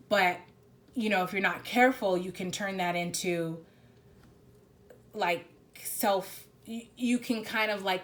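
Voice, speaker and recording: A woman giving a spiritual card reading in a casual, rambling, emphatic way, often restarting her sentences. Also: on the low side. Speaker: tarot reader.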